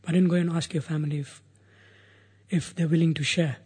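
A man's voice: a little high, flat delivery, a little fast, darkish tone, husky. A man voicing a wandering holy sage who rebukes a hunter with pointed questions, in a retold sacred story. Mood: rebuking. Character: wandering male holy sage, stern teacher.

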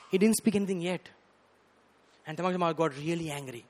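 A man preaching a storytelling sermon, animated and rising to loud bursts, often saying "you know". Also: high-pitched, rapid-fire. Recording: reverberant hall.

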